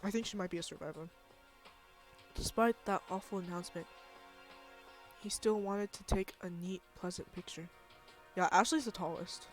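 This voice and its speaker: A streamer reading a visual novel aloud and reacting with emotion, full of exclamations and laughter. The voice sits at a middle pitch. Quiet game music plays underneath. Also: normal speed, pauses often.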